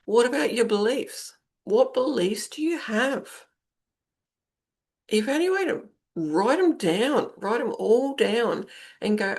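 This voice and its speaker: Her voice is a little high and darkish, slow but lively in intonation. This middle-aged podcast host and intuitive coach delivers a spoken self-help monologue in a conversational coaching style, repeating phrases to drive points home.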